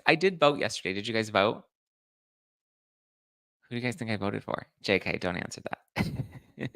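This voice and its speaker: A man's voice: lowish voice, animated, normal speed, creaky, pauses often, pushed and bright, dry recording, studio quality. A man hosting a live pop culture chat, reading viewer comments and acting out quotes in a chatty, camp way. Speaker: host.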